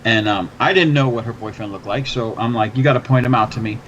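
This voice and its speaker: A man spins a bar story in loose, profane chat, getting more animated as he goes. His recording sounds a little muffled, with a faint hiss of noise behind him. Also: on the low side, fast. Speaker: podcast host. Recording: slightly dull, faint background noise.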